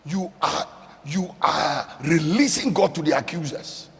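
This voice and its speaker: A man's voice: fairly high pitch, a little slow, vocal fry. Man preaching in a reverberant hall. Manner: emphatic repetition, conversational storytelling. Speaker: pastor. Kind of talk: sermon.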